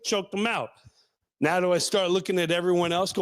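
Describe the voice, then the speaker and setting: Emphatic high-voiced male commentator. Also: normal speed. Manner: loud, emphatic, acts out scenes. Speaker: show host. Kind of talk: animated political commentary.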